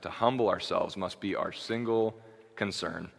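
A man's voice: low voice, moderate pace, gravelly. Man preaching casually in a reverberant hall. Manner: conversational preaching with many "okay"s and restarts. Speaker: pastor. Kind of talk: sermon.

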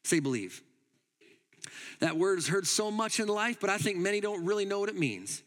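A man preaching a sermon as pastor, emphatic, moving between loud urging and quiet asides. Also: sits high, sing-song, normal speed, long reverb tail. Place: church hall.

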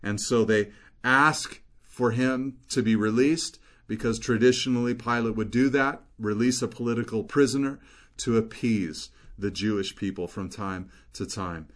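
A man's voice: on the low side, moderate pace, a bit bright. A man preaching an expository sermon as a pastor, earnestly explaining scripture verse by verse.

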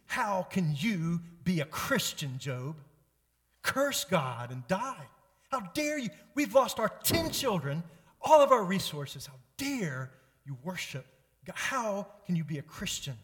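A man preaching voices Job's grieving wife, shrill and accusing, in a long church reverb. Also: big pitch swings, slow pace, fairly bright tone, full character voice. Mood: bitter, accusing.

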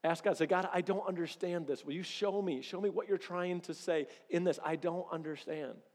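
A pastor in his thirties preaching a sermon in a casual, animated way, acting out little quoted exchanges. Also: high voice, normal speed. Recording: long reverb of a large hall.

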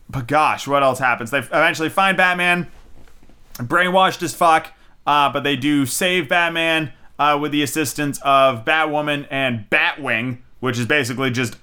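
A young man giving a casual, rambling movie review, excitable and full of fillers and swearing. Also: medium pitch, a little slow, smooth.

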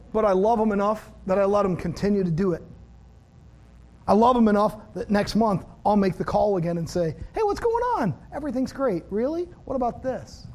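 A middle-aged man with a notably high voice preaches in an easy, conversational way. He acts out little dialogues with a friend as he talks to his congregation. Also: a little mellow. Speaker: pastor. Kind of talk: sermon.

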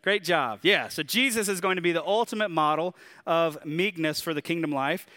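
A man with a Southern drawl preaching a sermon in a conversational, animated way, asking his listeners questions. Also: a little high, brisk. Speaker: pastor.

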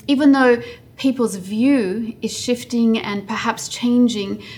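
A woman preaching a sermon in an earnest way, building her points through repetition. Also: a little high.

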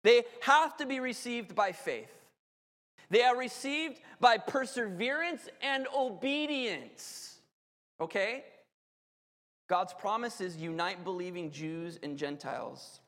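A man preaching a sermon as pastor, lively with joking asides to the congregation. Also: sits high, slow pace. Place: church hall. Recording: reverberant hall.

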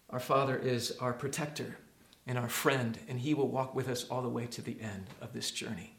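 A man preaching a sermon as a pastor, earnest, dropping to a hush and rising to emphasis. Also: mid-range voice, normal speed, creaky, reverberant. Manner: earnest, swings from hushed to emphatic.

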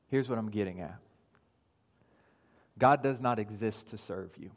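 A man preaching a sermon as pastor, teaching calmly and then building to raised, insistent emphasis, often repeating and restarting phrases for weight. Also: on the low side, measured pace, long pauses. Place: church sanctuary. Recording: long hall reverb.

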